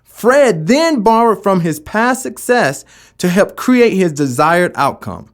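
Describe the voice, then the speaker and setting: A man's voice: high voice, big pitch swings, slow. A man giving a motivational talk about never giving up, with emphatic delivery and rhetorical questions. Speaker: motivational speaker.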